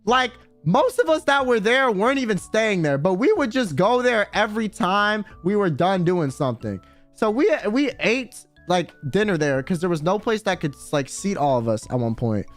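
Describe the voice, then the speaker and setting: A man's voice: high voice, sing-song, moderate pace, faint music behind. A man streaming, telling a story in a rambling, slangy way and swearing freely. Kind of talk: casual chat storytelling.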